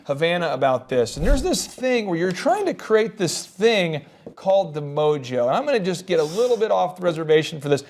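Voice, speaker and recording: A man from the American Midwest hosting a business show, giving animated sales advice and acting out pitches. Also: fairly quick, slight background noise. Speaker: host, business coach. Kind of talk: energetic business advice talk.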